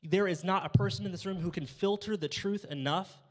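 A young man with a high-pitched voice preaches a little fast as pastor, drawing humor from family stories and playing out the dialogue. The sermon is recorded in a church sanctuary with hall reverb.

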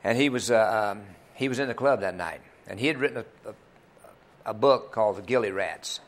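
A man's voice: lowish voice, a little fast. An older man, a country singer telling rambling, folksy anecdotes in a TV interview. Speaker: country singer and club owner, interview guest. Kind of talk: storytelling in a TV interview.

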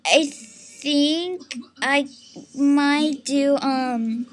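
A woman chatting casually to camera, hesitant and giggly, filling pauses with ums and teasing herself, with a slight cough. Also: high-pitched, slight background noise. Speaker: channel host doing character voices.

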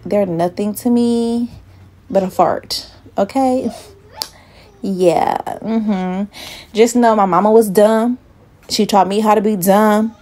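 A twenty-something female vlogger talks to her phone camera in a casual, blunt way, cursing freely and a little out of breath. Her voice is mid-range with a dark tone, picked up by the phone mic through an earbud.

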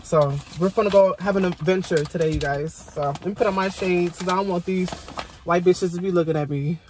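A young man vlogging casually on a phone while walking a park trail, gushing excitedly and swearing freely. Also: high-pitched, a little fast. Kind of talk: casual vlog chat. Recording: outdoor noise of bugs and frogs. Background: insects and frogs.

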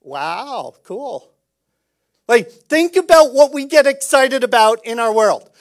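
A man preaching a sermon as pastor, conversational and lively, swinging from loud emphasis to quiet intensity. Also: very high voice, slow pace.

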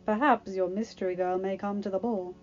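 A woman's voice: mid-range voice, steady tone, fairly quick, a little mellow, close to an everyday voice. A woman voicing a wry, teasing palace captain who gives a prince fatherly advice. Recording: dull lo-fi recording, faint music.

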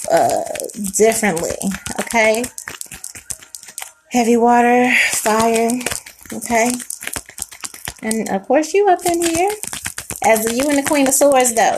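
High-pitched woman, tarot reader, casual and emotional, swears a lot. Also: background noise. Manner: emotional, swearing, talks to the viewer as baby and sweetheart.

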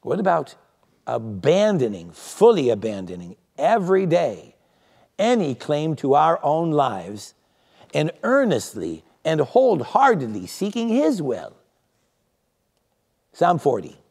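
A man's voice: a little high, huge pitch swings, slow, vocal fry, a little mellow, husky, big-room sound. A male pastor preaching a conversational sermon, often asking rhetorical tag questions. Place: church sanctuary.

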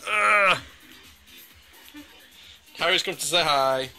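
A woman's voice: lowish voice, lively intonation, measured pace, over loud music. A woman filming at home, laughing, teasing her friend and cooing at her dogs in baby talk. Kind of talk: casual home video chat.

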